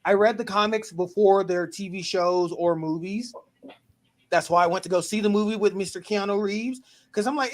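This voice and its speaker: A man's voice: sits high, a little fast. A man hosting a casual pop-culture podcast, talking animatedly and acting out his own reactions in quotes. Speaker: podcast host. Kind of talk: casual chat.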